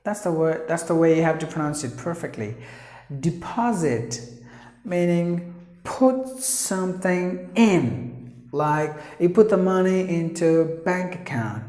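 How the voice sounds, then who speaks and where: A man with an Indian English accent teaching pronunciation, spelling out sounds and repeating words slowly and earnestly. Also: fairly high pitch, lively intonation, darkish tone, roomy sound. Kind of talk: pronunciation lesson. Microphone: camera operated by his wife.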